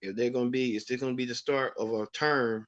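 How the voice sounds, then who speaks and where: A man's voice: medium pitch, fairly even intonation, quick pace, fairly bright tone, no room sound, highs cut off. A man hosting a wrestling recap show, giving rambling, opinionated commentary with frequent restarts. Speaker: host.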